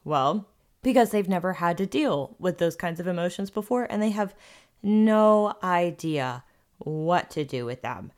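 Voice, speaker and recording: A woman's voice: on the low side, lively intonation, a little slow, a little mellow. A woman hosting her own podcast, giving earnest, conversational parenting advice from experience with her kids. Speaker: podcast host. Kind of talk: solo podcast talk.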